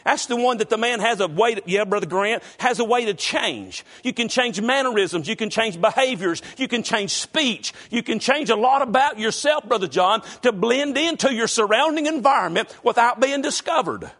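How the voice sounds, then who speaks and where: A middle-aged pastor preaches with a strong North Carolina mountain accent in a strikingly high voice. He speaks in a folksy way, naming members of his congregation as he goes and rising into shouts. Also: lively intonation, moderate pace, hardly any pauses. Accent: North Carolina mountain Southern. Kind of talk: sermon.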